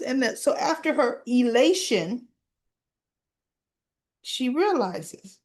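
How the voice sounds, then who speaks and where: A woman hosting a soap opera recap, telling the story in a casual, animated way. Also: a little high, slow pace, long pauses.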